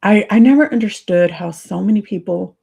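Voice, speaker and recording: A woman with a husky, slightly gravelly voice chats with viewers on her livestream. She speaks in a confiding, emotional way, sympathetic when others share their pain. Her pitch sits in an ordinary middle range. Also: brisk, mellow. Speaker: livestream host.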